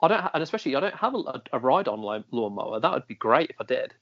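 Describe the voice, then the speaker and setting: A man co-hosting an informal podcast, teasing his partner with dry humor. His pitch is ordinary and mid-range. The sound is slightly dull, like a home setup. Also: big pitch swings, very fast. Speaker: podcast co-host. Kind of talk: casual podcast chat.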